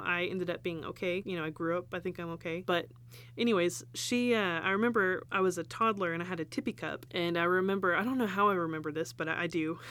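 A woman's voice: lowish voice, fairly bright tone. A woman, hosting a podcast and telling stories in a rambling, chatty way with frequent laughs. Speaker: podcast host and business owner. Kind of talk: casual podcast storytelling.

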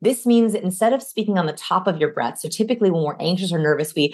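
A woman's voice: lowish voice, quick pace. A young adult woman, a guest expert on communication, explaining energetically in an interview. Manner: energetic, demonstrates voices mid-sentence. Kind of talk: animated interview explanation with vocal demos.

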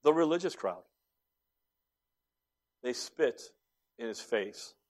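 A man preaching a sermon, retelling events dramatically and voicing each character, moving between loud emphasis and hushed lines. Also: medium pitch, animated, takes it slowly. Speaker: pastor.

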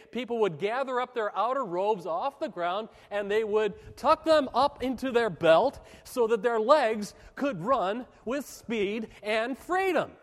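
A high-pitched man delivers a sermon from the pulpit. He speaks with emphasis and measured, dramatic pauses. His voice rings with the long reverb of a large hall. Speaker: pastor.

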